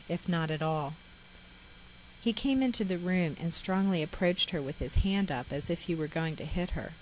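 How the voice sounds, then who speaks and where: A woman reading her own memoir aloud in a measured, reflective way. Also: fairly low pitch, a little mellow, a little hiss or hum, rough recording. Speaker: memoir author.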